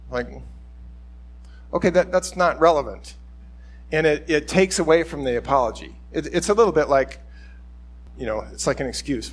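Middle-aged male pastor, higher-pitched, chatty rambling sermon delivery. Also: lively intonation, normal speed. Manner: conversational, rambling, acts out quoted speech. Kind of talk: informal sermon teaching.

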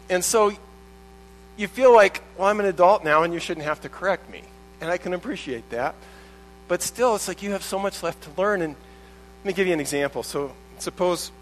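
A man's voice: a little high, fairly bright tone, poor audio. A man preaching a sermon as a pastor, in a conversational way with many restarts and acted-out quotes.

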